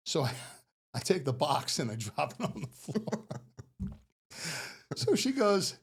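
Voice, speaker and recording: A middle-aged man tells a story in an easy, chatty way. He laughs often and jumps into the voices of the people in his tale. His pitch swings widely as he goes. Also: measured pace, long pauses. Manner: animated, laughing often, acts out quoted voices. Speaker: podcast guest. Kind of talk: casual storytelling.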